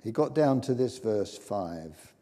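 Older man, preacher, mellow tone, emphatic sermon, long church reverb. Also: on the low side, lively intonation, takes it slowly. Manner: emphatic, rising to loud peaks.

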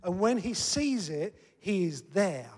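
Man preacher, sermon, higher-pitched, conversational and earnest, long hall reverb. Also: big pitch swings, takes it slowly. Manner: earnest, conversational preaching that rises to emphatic peaks.

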